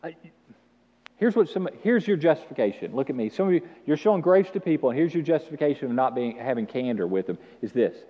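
A male pastor preaching an animated sermon with call-and-response to the congregation in a church. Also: on the high side, fast talker. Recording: dull sound with long hall reverb.

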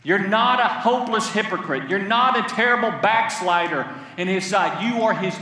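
A man's voice: high voice, normal speed, bright, forceful tone. A man preaching an impassioned sermon in a large church. He repeats lines and has the congregation say them back to him. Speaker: pastor. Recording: echoey hall, heard from far off.

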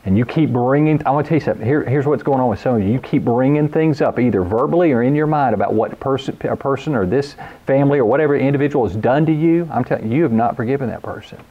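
A man's voice: medium pitch, quick pace, hardly any pauses, lo-fi sound. A man preaching a sermon, speaking earnestly and driving points home with repeated phrases. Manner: earnest preaching, quotes scripture, emphatic repetition. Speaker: pastor.

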